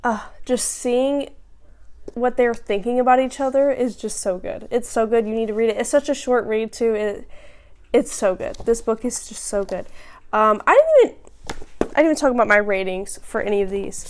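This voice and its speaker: Chatty woman with a smooth, higher voice. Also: moderate pace, darkish tone. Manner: chatty and rambling, with many fillers and restarts. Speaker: book vlogger. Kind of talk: casual book review chat.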